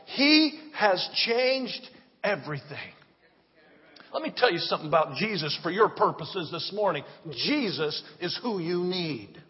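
A male pastor preaching an excited sermon, with call-and-response lines and drawn-out phrases. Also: high-pitched. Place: church sanctuary. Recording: dull sound, long church reverb.

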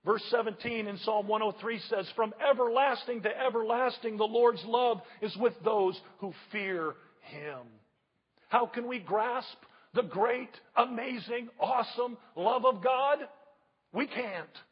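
A man's voice: very high voice, a little slow, husky. A man preaching a sermon in a church, driving his points home with repeated rhetorical questions to the congregation. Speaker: pastor. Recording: dull audio with long hall reverb.

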